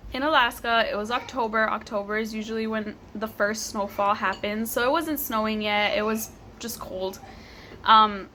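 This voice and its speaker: A young woman in her twenties telling a personal story to camera, animated and laughing, with casual swearing. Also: medium pitch, slight background noise. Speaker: vlogger.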